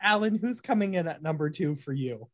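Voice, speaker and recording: A man's voice: on the high side, animated, fairly quick, a bit bright. A man hosting a casual podcast chat, laughing often and moving things along with questions for his co-hosts. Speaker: podcast host.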